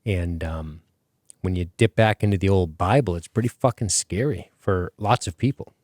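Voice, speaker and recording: A man's voice: low-pitched, normal speed, darkish tone, no room sound, studio quality. A man hosting a podcast in casual chat, rambling with many fillers and casual swearing. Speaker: podcast host.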